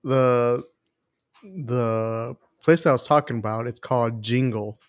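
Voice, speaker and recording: A laid-back man chats casually with his co-host, talking in a relaxed, easy manner. His voice sits close to a dry microphone, with no echo in the room. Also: mid-range voice, slow, clear, resonant tone. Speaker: podcast co-host. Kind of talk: casual chat.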